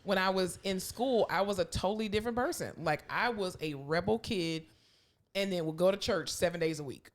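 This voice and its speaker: A woman co-hosting a podcast in casual chat, candid, laughing often and acting out quotes loudly. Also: lowish voice, brisk. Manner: animated storyteller, acts out quotes loudly. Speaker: podcast co-host.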